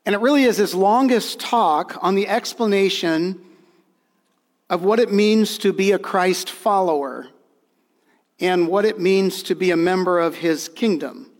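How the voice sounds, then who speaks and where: A man with a high-pitched voice preaches an earnest, emphatic sermon, repeating key phrases for weight. His voice rings with the long reverb of a church hall. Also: measured pace. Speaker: pastor.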